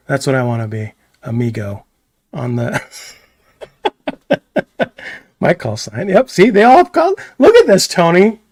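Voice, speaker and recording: Excitable laughing man in casual banter. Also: a little high, unhurried, pauses often, slightly rough, no echo, clean studio sound. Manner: excitable, laughs often, rambling. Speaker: co-host of a live stream show.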